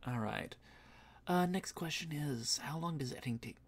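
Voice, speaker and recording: A man who voice acts, chatting casually on a stream, rambling with fillers and soft laughs, a bit tired and yawning. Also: fairly high pitch, lively intonation, normal speed, gravelly, husky. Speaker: voice actor and streamer.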